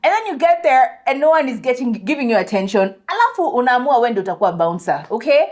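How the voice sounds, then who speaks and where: A woman co-hosting a podcast in casual chat, animated and switching between English and Swahili. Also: on the high side, quick pace. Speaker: podcast co-host.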